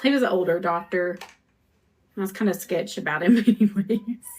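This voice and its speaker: A woman who owns a custom cup shop hosts a crafting live stream, chatting to viewers in a rambling, conversational way as she works. Her voice is mid-range, at a normal speed.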